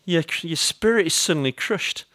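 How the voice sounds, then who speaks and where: An English pastor preaches with a voice pitched slightly high for a man and a bit bright, at a normal speed. He talks directly to his congregation, telling chatty stories full of humour aimed at himself. The recording is dry, with no room echo.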